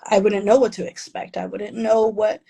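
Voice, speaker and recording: A woman's voice: mid-range voice, flat delivery, normal speed, gravelly, dark tone, slightly rough, poor audio. A woman author being interviewed, talking casually and with self-deprecating humor, laughing often and slipping Spanish phrases into her English. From Mexican family, raised in the US.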